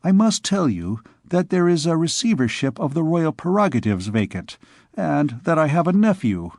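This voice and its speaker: A man voicing a greedy, cunning royal physician who speaks in a slow, pompous, wheedling way, in an audiobook reading. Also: fairly high pitch, very animated, darkish tone, no echo, clean studio sound.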